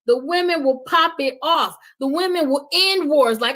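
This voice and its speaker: Passionate middle-aged woman, preaching softly. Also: high voice, normal speed, hardly any pauses. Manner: impassioned, preachy, drops to soft intensity. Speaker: podcast guest. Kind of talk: passionate conversational talk.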